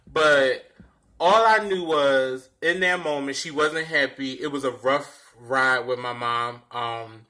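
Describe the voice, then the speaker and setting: A young man casually telling a personal story in a dramatic, animated way, swearing freely. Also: mid-range voice, takes it slowly. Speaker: vlogger.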